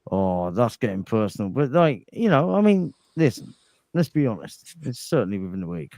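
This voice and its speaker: A man's voice: on the low side, big pitch swings, darkish tone, no room sound. Rambling English man, dry close sound. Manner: rambling, halting, many restarts. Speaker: podcast guest. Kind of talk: casual crude banter.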